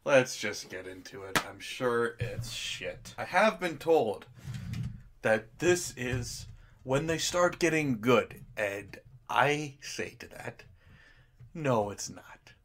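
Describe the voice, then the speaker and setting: A man's voice: mid-range voice, animated, slow pace, fairly bright tone. Sarcastic crude man reviewing a film. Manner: sarcastic and crude, laughs at his own jokes. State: tipsy. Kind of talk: comedic drunk review.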